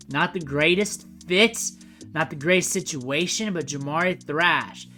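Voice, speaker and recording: A man's voice: fairly high pitch, measured pace, pushed and bright, soft background music. A man giving a casual, opinionated fantasy football draft breakdown, repeating his points emphatically.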